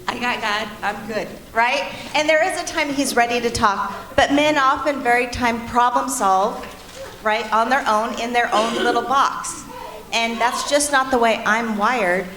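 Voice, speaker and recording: A woman's voice: fairly high pitch, measured pace, sharp tone. A middle-aged woman co-teaching a church marriage class, telling personal stories candidly and speaking straight to the group. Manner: candid, storytelling, addresses the class directly. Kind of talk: earnest personal teaching talk. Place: church meeting room. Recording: echoey room with faint noise.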